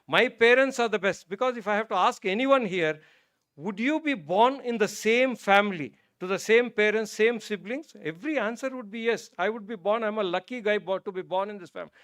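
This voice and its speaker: A man's voice: sits high, a little fast, no echo, studio quality. A man from India giving a public talk on religion, telling a story that moves him and then building to emphatic points. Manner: storytelling, grows emotional and soft. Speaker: guest speaker. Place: auditorium stage.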